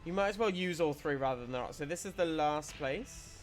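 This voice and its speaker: A man gives casual commentary while he plays a game. His voice is a little high, he often restarts his sentences as he explains tactics, and faint game music runs underneath. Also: animated, normal speed. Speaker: streamer.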